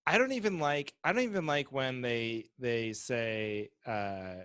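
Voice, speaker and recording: A man co-hosting a podcast in casual chat, animated and acting out mocking voices. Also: medium pitch, a little slow, clean tone, no echo, clean studio sound. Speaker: podcast co-host.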